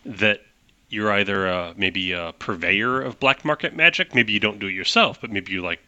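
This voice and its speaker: A man narrating as game master of a tabletop game, talking in animated quick bursts with restarts. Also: fairly low pitch, dry recording, dull audio.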